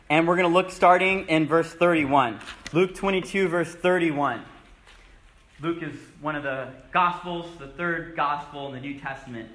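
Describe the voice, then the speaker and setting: A man's voice: fairly high pitch, fairly bright tone. A man giving a sermon, reading scripture aloud and explaining it in a conversational teaching manner. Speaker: preacher. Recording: echoey room.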